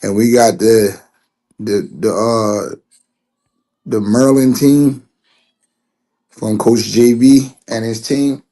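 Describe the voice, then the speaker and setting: A hoarse man co-hosts a relaxed livestream call, his voice worn from recent strain. He talks easily and keeps dropping in short slangy affirmations. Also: mid-range voice, slow pace, pauses often. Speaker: co-host and coach. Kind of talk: casual livestream chat.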